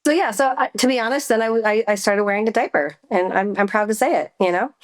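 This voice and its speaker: A woman's voice: fairly high pitch, fast talker, no room sound. A woman, a new mother, guesting on a podcast, chatting casually with plenty of laughter and self-deprecating humor.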